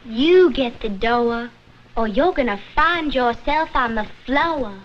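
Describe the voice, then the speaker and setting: An actress playing a lively young American girl in London, with an American accent, in 1960s sitcom style. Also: a little high, slow. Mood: eager. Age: young adult. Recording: dull lo-fi TV soundtrack, hiss, audience.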